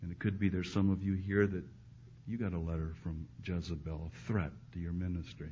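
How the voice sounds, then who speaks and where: A male preacher delivering a sermon to a live congregation, dropping to hushed, intimate lines and then rising to loud, emphatic ones. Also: sits low, flat delivery, fairly quick. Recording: muffled recording with faint background hiss.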